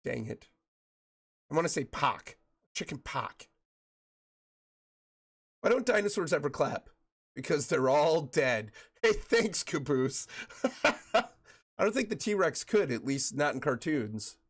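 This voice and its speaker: Man, game streamer, friendly banter with chat, slightly high pitch, recovering from a cough. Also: big pitch swings, measured pace. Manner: chatty, jokey, greets viewers by name. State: recovering from a chest cold, coughing. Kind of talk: casual chat with viewers while gaming.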